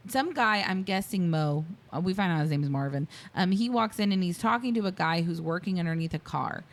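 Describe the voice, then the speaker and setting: A woman's voice: on the low side, brisk. A woman co-hosting a podcast, recapping a movie in casual chat, giggling often and acting out the characters' lines as she tells the story. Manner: giggly, animated storytelling with quoted voices. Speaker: podcast co-host.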